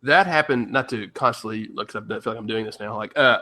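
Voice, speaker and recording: A man's voice: lowish voice, quick pace, bright, forceful tone. A man from Tennessee, a podcast co-host, telling stories and ranting in a casual chat, swearing freely.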